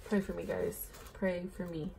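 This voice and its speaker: Bubbly young woman with a gravelly edge. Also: lowish voice, level tone, a little slow, mellow, slight background noise. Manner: bubbly, rambling, says "like" and "oh my gosh" often. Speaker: planner vlogger. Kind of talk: casual chatty plan-with-me vlog.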